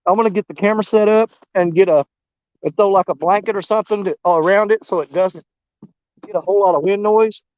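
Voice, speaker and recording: A high-voiced man with a drawl talks to his viewers from a muddy river bank, excitable and quick to get emotional. The sound is dull and muffled, recorded dry outdoors on a covered camera mic. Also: no echo. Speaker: fishing vlogger. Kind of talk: casual outdoor vlog. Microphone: camera mic muffled against the wind.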